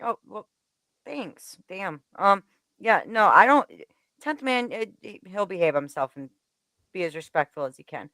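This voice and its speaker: A woman's voice: medium pitch, lively intonation, a little slow, bright, forceful tone, no room sound. A woman hosting a casual panel chat, talking in a chatty, emphatic way. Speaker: show host.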